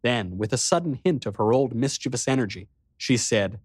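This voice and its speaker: A man narrating an audiobook in the first person, steady and measured. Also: mid-range voice, breathy edge, no echo, studio quality.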